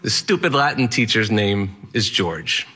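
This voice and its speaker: A man's voice: on the low side, expressive, measured pace, pushed and bright, a little hiss or hum. A man telling a personal story on stage in vivid present tense, with a wry touch.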